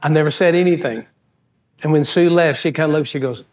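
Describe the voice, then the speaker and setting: A pastor delivers a storytelling sermon in a folksy, animated way. His voice sits a little high for a man. He acts out the other people in his stories as he goes. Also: brisk.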